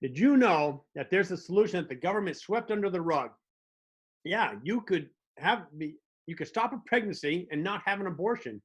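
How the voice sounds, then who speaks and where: Guy hosting a community tv show, kinda high voice, wry joking monologue. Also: expressive, moderate pace, slightly rough. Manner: wry storytelling, mock dialogue. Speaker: host. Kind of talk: comedic monologue.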